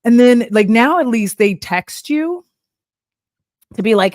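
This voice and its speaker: A woman's voice: a little high, animated, slow, long pauses, a little mellow, dry recording, studio quality. A young adult woman from Texas, chatting casually on a live stream, laughing often and acting out little voices. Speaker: streamer reacting to a video.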